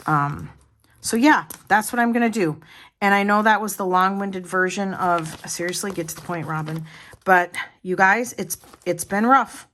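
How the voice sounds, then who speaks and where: A woman's voice: mid-range voice, measured pace, a bit bright, a little hiss or hum. A woman vlogger chatting casually to her viewers, rambling along with many restarts and asides. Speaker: planner vlogger.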